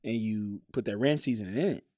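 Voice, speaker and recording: A man with a Southern American accent, co-hosting a podcast in casual chat, playful and animated as he walks through a recipe step by step. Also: on the low side, fast talker, no room sound, clean studio sound. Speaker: podcast co-host.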